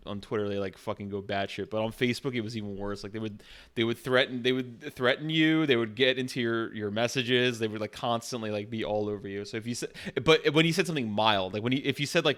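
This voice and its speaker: A man's voice: lowish voice, a bit bright. Rambling casual male streamer. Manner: rambling, swearing, frequent restarts.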